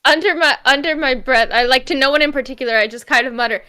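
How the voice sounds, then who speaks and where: A woman playing a tabletop game, describing her actions in a soft, hesitant, wry way. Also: high voice, fast talker, clean tone. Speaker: player. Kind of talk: tabletop role-play.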